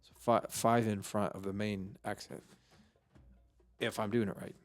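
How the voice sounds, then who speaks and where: Slow, halting man teaching vocabulary. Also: fairly low pitch, little pitch movement. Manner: slow and halting, thinking aloud with many fillers. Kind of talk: unscripted vocabulary lesson.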